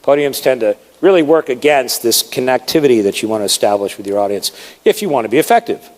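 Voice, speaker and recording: Animated male coach in a reverberant hall. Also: medium pitch, fast talker. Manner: animated, conversational, demonstrates with emphasis. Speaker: presentation skills coach. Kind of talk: live seminar talk.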